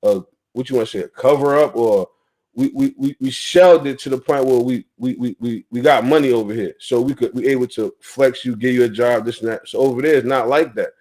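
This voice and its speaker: Young guy ranting on a talk show, heated and cussing, keeps repeating himself, mid-pitched voice. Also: brisk, darkish tone, poor audio. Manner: rhetorical questions, "you feel me" fillers. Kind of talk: casual chat, heated commentary.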